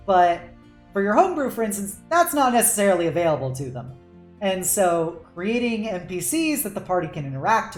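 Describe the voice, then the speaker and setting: A woman's voice: fairly low pitch, reverberant. A woman hosting a casual streamed panel as game master, chatting loosely with frequent laughs and casual swearing.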